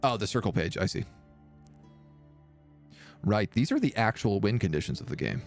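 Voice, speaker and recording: Here a male streamer with a lowish, creaky voice speaks at a moderate pace, his pitch swinging widely. Over background game music, he thinks out loud about his choices in a strategy game as he comments on his play.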